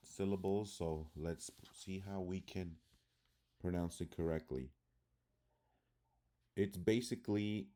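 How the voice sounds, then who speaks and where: A man with a low, dark, mellow voice teaches pronunciation at an unhurried pace. He reads out example words one at a time, each spoken deliberately, then explains the rule in a plain instructional tone. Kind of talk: slow instructional explanation with word lists.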